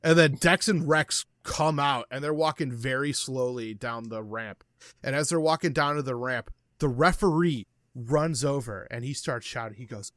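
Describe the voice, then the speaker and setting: A man narrating as game master of a tabletop wrestling game, relaxed and explanatory, with many fillers. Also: medium pitch, normal speed, no room sound.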